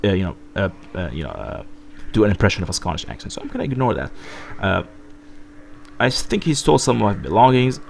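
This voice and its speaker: Unwell male let's player, chatty and rambling, gravelly voice that swings up and down. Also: fairly low pitch, very animated, fast talker, slight background noise. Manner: rambling, thinking aloud with many fillers. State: sick. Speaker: let's play host. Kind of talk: gameplay commentary, reading dialogue aloud.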